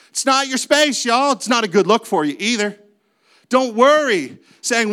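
A man's voice: very high voice, big pitch swings, moderate pace, sharp tone. A man preaching a sermon as a pastor, with a conversational manner, lots of rhetorical questions and playful asides.

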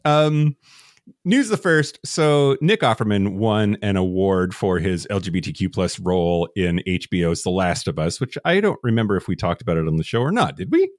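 A man's voice: low-pitched, expressive, a little fast, hardly any pauses, no echo, studio quality. A man co-hosting a casual podcast, chatty, laughing often and talking with fillers and restarts. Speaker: podcast co-host.

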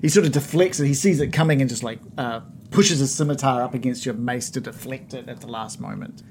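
A man's voice: medium pitch, a little fast, creaky, a little mellow, slight background noise. A man running a tabletop game as game master, narrating with frequent uhs and ums. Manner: hesitant, lots of uh and um.

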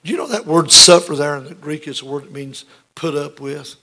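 An older man preaching a sermon as pastor, swinging between booming lines and hushed ones. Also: fairly quick, hardly any pauses.

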